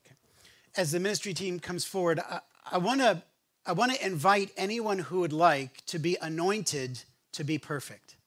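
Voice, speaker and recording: A man's voice: high voice, expressive, normal speed, fairly bright tone. Conversational storytelling male pastor. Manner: storytelling, conversational with many restarts. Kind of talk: sermon. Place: church sanctuary.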